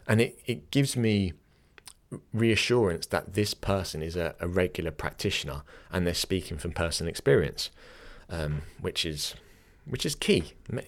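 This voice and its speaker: Man, low voice, yoga teacher, direct instructional talk. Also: expressive, normal speed. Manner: informal, direct, chatty asides.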